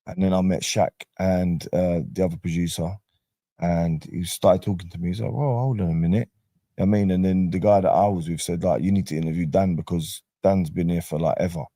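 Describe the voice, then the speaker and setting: Casting: South London man, very low mellow voice, dry close sound, chatty storyteller. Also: fairly quick, dry recording. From Brixton, South London. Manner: chatty storyteller, relaxed street slang. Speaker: guest, docuseries cast member. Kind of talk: casual interview talk.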